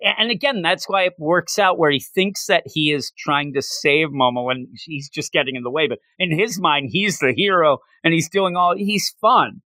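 A man's voice: fairly high pitch, dry recording, studio quality. A man co-hosting a podcast, chatting casually about a manga chapter and acting out bits of character dialogue. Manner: animated, acts out character lines in quick voices. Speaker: podcast co-host.

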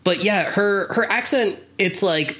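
Male podcast co-host, slightly high voice, easygoing reactive chatter. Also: pushed and bright. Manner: reactive, quick interjections and musing asides. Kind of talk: casual chat.

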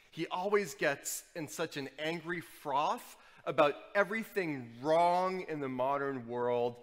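A man from New Orleans preaching a sermon, with animated storytelling and wry asides. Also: a little high, measured pace, few pauses, big-room sound. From New Orleans, USA. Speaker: pastor.

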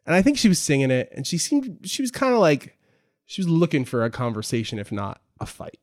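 A man's voice: fairly high pitch, huge pitch swings, fairly quick, no echo, studio quality. A man co-hosting a casual chat, talking in a wry, joking, mock-serious way.

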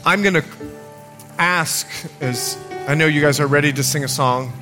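A man's voice: a little high, moderate pace, music in the background. A middle-aged male pastor preaching a sermon, telling a personal story with self-mocking humor and then leading a prayer. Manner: animated storytelling, laughs at himself, drops to quiet prayer.

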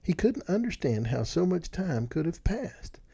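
A man narrating a storybook in an expressive, animated reading. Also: on the high side, a little slow, creaky, husky.

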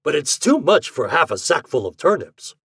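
Man voicing a worried rustic landlord, fretful, raised pitch, husky, dry sound. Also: very animated, moderate pace, a bit bright, no echo, heavily acted.

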